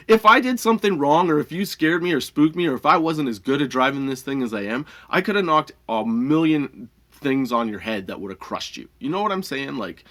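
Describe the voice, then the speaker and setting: A man's voice: mid-range voice, expressive, a little fast, fairly bright tone. A man hosting a comedy podcast, telling a workplace story in a heated, profane, rambling way, often laughing between lines. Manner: rambling with many restarts and fillers. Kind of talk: casual storytelling monologue.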